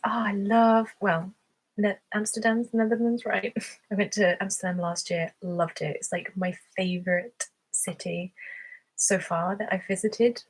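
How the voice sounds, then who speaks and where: Chatty, breathy Englishwoman with a southern English accent. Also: medium pitch, fairly even intonation, unhurried, rough recording. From England. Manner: chatty and giggly, lots of fillers. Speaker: ASMR creator hosting a livestream. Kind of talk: casual chat reading viewer questions.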